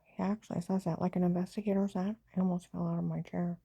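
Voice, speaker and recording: Low gravelly agitated woman recounting events. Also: level tone, quick pace, hardly any pauses, warm tone. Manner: agitated, jumps between events, often quotes others. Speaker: vlogger telling her own story. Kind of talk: rambling personal account.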